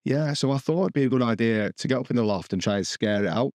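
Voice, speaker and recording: A man's voice: medium pitch, animated, quick pace, a little mellow, dry recording, studio quality. A man co-hosting a podcast, telling a rambling story full of restarts, with swearing and laughter. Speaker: podcast co-host. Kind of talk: casual chat.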